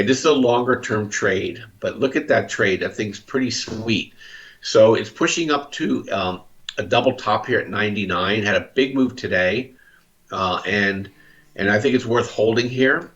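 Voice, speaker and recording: A man's voice: on the low side, normal speed, a bit bright, highs cut off. A man hosting a market commentary show, chatting casually about trades with frequent restarts. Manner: conversational, restarts and fillers, explains trades plainly. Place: Southern California.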